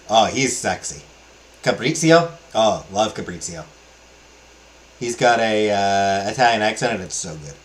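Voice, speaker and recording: A man's voice: fairly low pitch, a bit bright, slight background noise, rough recording. A man hosting a let's play, chatting casually and enthusiastically with many fillers as he talks through a game.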